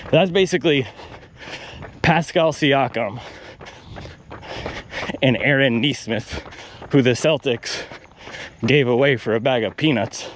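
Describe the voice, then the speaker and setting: A man's voice: medium pitch, takes it slowly, long pauses, a little hiss or hum. A man vlogging while out on a run, ranting animatedly and working through his pace math aloud. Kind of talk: casual vlog rant while running. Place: outdoors on a run.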